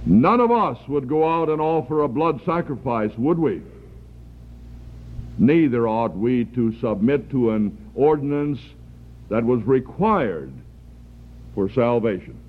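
A man preaching at a slow, deliberate pace, earnest and plain-spoken. His voice comes through a thin, phone-like old recording, and he lifts it sharply whenever he wants to make a point. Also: mid-range voice, animated. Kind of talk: sermon. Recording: tinny phone-like archival recording.

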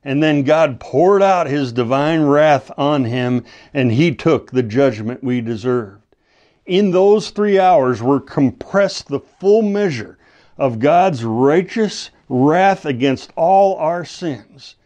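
A man preaching a sermon, teaching through a Bible passage in a measured, deliberate way and quoting scripture. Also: on the high side, expressive, a little mellow. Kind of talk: expository sermon.

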